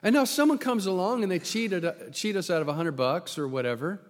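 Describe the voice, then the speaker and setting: Preacher in a reverberant hall. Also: male voice, sits high, lively intonation, a little fast. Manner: dramatic swings from loud to hushed, acts out quoted voices. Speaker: pastor. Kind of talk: sermon.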